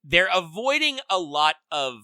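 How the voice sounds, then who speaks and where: A man co-hosting a casual chat about games and shows, rambling with lots of fillers and quick mock voices. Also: high-pitched, very animated, sharp tone, clear, resonant tone, dry recording. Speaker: podcast co-host.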